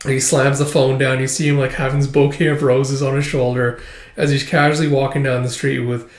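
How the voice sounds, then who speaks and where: A man recapping a manga chapter with energy, narrating and jumping into loud, excited character voices. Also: medium pitch, a little fast, reverberant. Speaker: manga reader and commentator.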